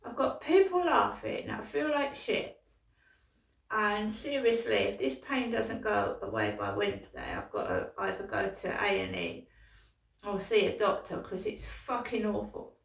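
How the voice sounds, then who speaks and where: Slow, gravelly British woman in pain. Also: mid-range voice, big pitch swings, echoey room, distant mic. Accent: British English. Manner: rambling and profane, with restarts and stumbles. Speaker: vlogger. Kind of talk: rambling personal vlog monologue.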